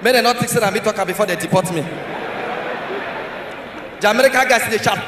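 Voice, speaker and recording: Man, Nigerian Pidgin accent, animated stand-up storytelling, loud shouts, live hall noise. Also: sits high, fast, pauses often. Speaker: stand-up comedian. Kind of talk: stand-up comedy. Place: large live comedy hall. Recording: echoey hall from far off.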